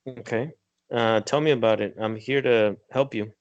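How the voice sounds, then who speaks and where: A man's voice: mid-range voice, steady tone, unhurried, dry recording, highs cut off. A man guiding a hypnosis session, giving directions, counting to three and repeating his commands. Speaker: hypnotist and energy healer.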